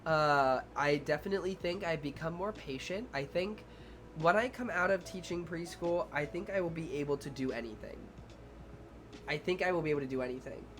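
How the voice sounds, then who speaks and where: The voice is male, fairly high, and a little fast, with faint noise behind it. This young preschool teacher and streamer chats energetically with viewers, dramatizing both his part and the children's, swearing casually as he goes.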